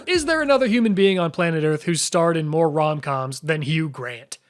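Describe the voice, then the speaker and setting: A man's voice: fairly high pitch, lively intonation, normal speed. A young man hosting a comedic commentary video, talking straight to the viewer in a sarcastic, jokey way. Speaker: YouTube host.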